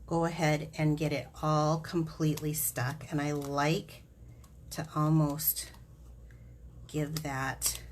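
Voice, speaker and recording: A woman's voice: deep voice, level tone, slow pace, a little hiss or hum. A woman hosting a live craft demonstration, chatty and giggly, explaining each step as she works.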